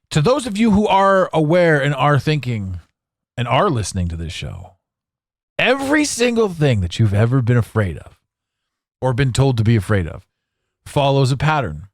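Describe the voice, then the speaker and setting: A man's voice: on the high side, no room sound, studio quality. Tired, ranting man in his forties. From Canada. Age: 40s. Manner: animated, ranting, sarcastic. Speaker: podcast host. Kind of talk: rambling solo podcast monologue.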